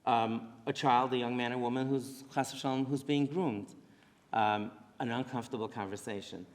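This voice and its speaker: A rabbi giving an earnest lecture to parents in a synagogue, often restarting and correcting himself mid-sentence. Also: male voice, medium pitch, steady tone, normal speed. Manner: earnest, talks in restarts and asides. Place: synagogue hall. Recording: long hall reverb.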